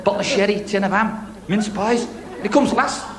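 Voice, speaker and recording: Liverpudlian male stand-up comic, high and chirpy, quick-fire gags on a live TV talent stage. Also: a crowd in the background. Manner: quick-fire one-liners, chirpy asides to the audience. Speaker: stand-up comedian on a talent show. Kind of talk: stand-up comedy routine. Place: TV studio stage before a live audience. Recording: echoey 1980s TV studio, loud audience.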